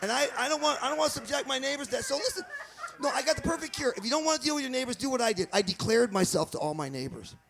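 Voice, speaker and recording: A male stand-up comedian from Michigan, chatting with the crowd, laughing at his own jokes and jumping between bits with quick asides. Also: very high-pitched, lively intonation, vocal fry, background noise.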